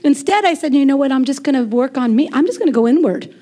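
Woman preacher, 40s, high voice, animated sermon delivery with chatty asides. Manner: animated, conversational preaching with quick asides and laughs. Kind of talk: lively sermon.

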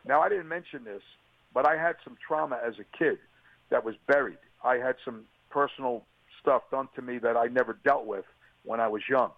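Man telling an earnest, gravelly testimony. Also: medium pitch, moderate pace, no room sound. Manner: earnest, emotional storytelling. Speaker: interview guest. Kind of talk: personal testimony on radio. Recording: tinny phone line, dry.

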